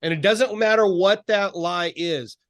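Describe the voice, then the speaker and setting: A male coach on a video call speaks in an encouraging, preacherly way and leads with rhetorical questions. His voice sits a little high and sounds dry and close. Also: measured pace, dry recording. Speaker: life coach. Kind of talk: faith-based coaching call.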